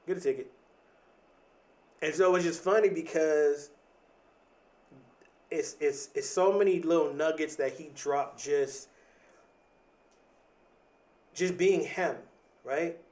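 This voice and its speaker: A man's voice: a little high, takes it slowly, long pauses, darkish tone. A young adult man hosting a podcast, talking in an earnest, reflective motivational monologue, often restarting and leaning on "like" and "right?". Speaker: podcast host.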